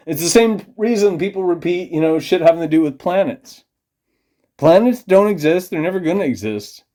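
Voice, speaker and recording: A man's voice: medium pitch, warm tone. A man ranting in a rambling, profane, conspiratorial monologue to camera, a little tipsy from beer. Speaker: vlogger.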